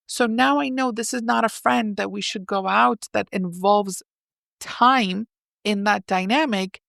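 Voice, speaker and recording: A woman psychotherapist, a podcast guest, explaining relationship ideas in a lively way and acting out example lines. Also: mid-range voice, a little slow, vocal fry, no room sound, clean studio sound. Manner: animated, acts out example dialogues. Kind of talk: explanatory interview talk.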